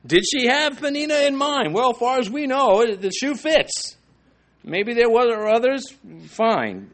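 A man preaching a sermon, reading scripture slowly with rising emphasis and dropping to a soft, low voice for asides. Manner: slows and rises in pitch on quoted scripture. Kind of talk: expository sermon.

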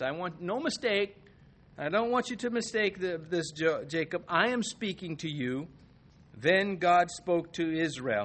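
Pastor guy preaching, kinda husky, gets loud then drops quiet, animated. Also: medium pitch. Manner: animated, swings between soft asides and loud emphasis. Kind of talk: expository sermon.

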